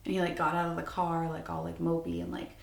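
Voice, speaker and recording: A young woman in her twenties tells a personal story to camera, candid and rambling as she restarts her sentences. Her voice has a gravelly fry. The recording sounds roomy and echoey. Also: on the low side, completely flat delivery, quick pace. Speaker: vlogger. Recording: echoey room.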